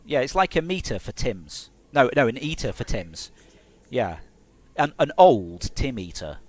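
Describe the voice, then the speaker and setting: A man's voice: medium pitch, big pitch swings, unhurried, darkish tone. A man from Hertfordshire, England, a game developer chatting casually on a live stream in a rambling, self-mocking way.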